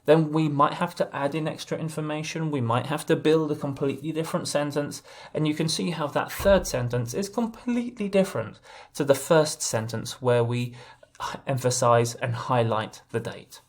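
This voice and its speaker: A man's voice: a little high, moderate pace. A man teaching legal writing in an online lesson, explaining step by step and often restarting his phrases.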